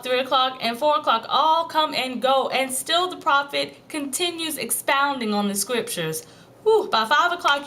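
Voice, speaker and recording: A woman telling a devotional Bible story in the second person, playful and animated, acting out bits of dialogue. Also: sits high. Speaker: devotional teacher.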